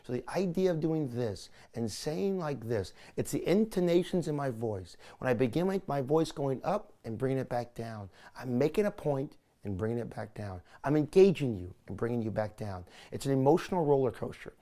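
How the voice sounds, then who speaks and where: A man's voice: medium pitch, lively intonation, moderate pace, few pauses, mellow. A man coaching someone on speaking to camera, talking energetically with lots of emphasis and repetition. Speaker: video presentation coach. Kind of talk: coaching session. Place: California.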